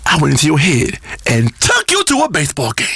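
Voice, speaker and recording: An actor playing a crude, boastful male spiritual-guru radio host, preaching loudly and swinging between growls and shouts. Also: a little high, huge pitch swings, brisk, husky, full character voice. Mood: brash. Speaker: radio talk show host. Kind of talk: comedic radio talk show.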